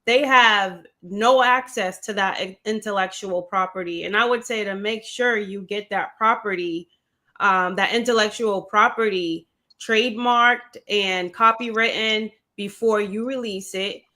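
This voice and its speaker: A woman hosting a livestream interview, speaking directly and encouragingly to her guest in a measured way. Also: mid-range voice, pushed and bright. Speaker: host.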